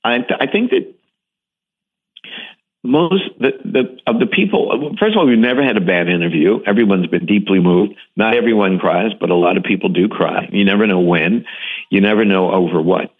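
A man being interviewed who tells his stories with enthusiasm and emphasis and often restarts his sentences. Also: fairly low pitch. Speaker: interview guest, TV series host. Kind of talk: animated storytelling in an interview. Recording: phone-like narrow radio line.

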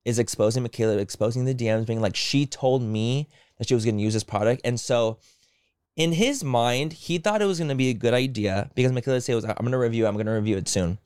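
A man co-hosting a podcast, retelling online drama in rapid, animated bursts and acting out quoted people. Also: mid-range voice, smooth, dry recording, studio quality. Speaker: podcast co-host. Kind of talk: casual gossip chat.

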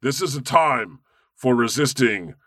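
Brash swearing man, bright dry voice. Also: medium pitch, a little slow, no room sound. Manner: irreverent, boastful, swears freely, deadpan jokes. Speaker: comedy podcast host playing God. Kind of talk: improvised comedy chat in character.

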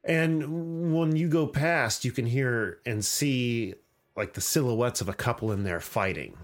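A man's voice: mid-range voice, measured pace. Man as a swearing podcast host. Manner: rambling, profane storytelling. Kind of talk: casual podcast chat.

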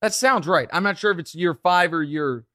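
A man in his thirties hosting a casual podcast, telling stories with quick asides. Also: a little high, dry recording, clean studio sound. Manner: animated storyteller, quick asides. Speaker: podcast host.

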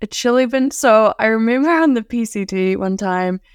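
A woman's voice: a little high, normal speed, clear, resonant tone, no room sound, clean studio sound. A young woman with a New Zealand accent, a guest telling hiking stories in casual chat. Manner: chatty storyteller, laughs often.

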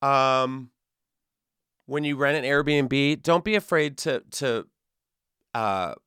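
Joking podcast guy with a smooth voice. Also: slow pace, fairly bright tone, no room sound, clean studio sound. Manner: playful, jokey, jumps into squeaky high voices for gags. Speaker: podcast co-host. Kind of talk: comedic podcast chat.

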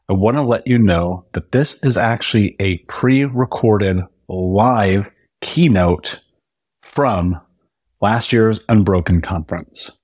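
A man's voice: lowish voice, a little mellow, no echo, studio quality. A man hosting a podcast, introducing the episode in a friendly way and speaking straight to the listener. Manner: friendly, direct address to listener. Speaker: podcast host.

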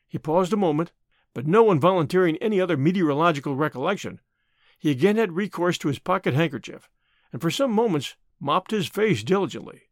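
A man narrating a classic short story in a measured, expressive audiobook reading. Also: fairly high pitch, no echo, studio quality.

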